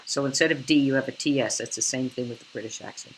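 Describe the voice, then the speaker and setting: Theatrical older woman, bright voice. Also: a bass voice, quick pace, hardly any pauses, slight background noise, rough recording. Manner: theatrical, expressive, slips into character voices. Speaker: actress guest. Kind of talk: animated interview storytelling. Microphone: video call.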